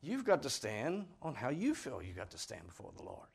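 A man's voice: medium pitch, huge pitch swings, fairly quick, vocal fry, breathy edge. A man preaching a sermon in a folksy, earnest, pleading way, speaking plainly to his congregation. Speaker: pastor.

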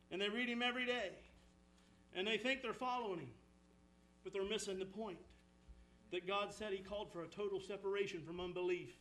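High, bright-voiced fervent preacher man. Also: a little hiss or hum, poor audio. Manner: impassioned, rising and falling, drops low for storytelling. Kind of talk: fervent sermon.

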